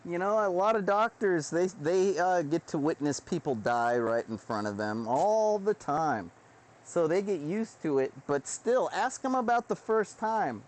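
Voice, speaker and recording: A man's voice: high-pitched, expressive, measured pace. A man in a rambling, profane, self-deprecating live-stream monologue, recorded indoors on a webcam setup.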